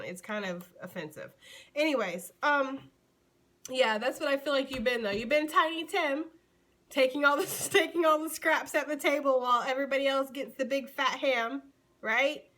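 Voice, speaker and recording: A woman from the United States giving a casual tarot reading to her viewers. Her voice sits a little high, and she is chatty and animated. She keeps calling the listener honey and sweetie. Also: a little fast. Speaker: tarot reader.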